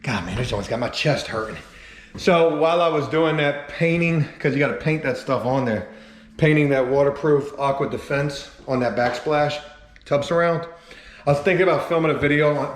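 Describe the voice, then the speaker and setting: A man's voice: fairly high pitch, normal speed. A man talking casually and joking, with plenty of swearing, as he walks through his home renovation for a vlog. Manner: laid-back, profane, joking. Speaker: vlogger. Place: house under renovation, bathroom. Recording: echoey room, faint background noise.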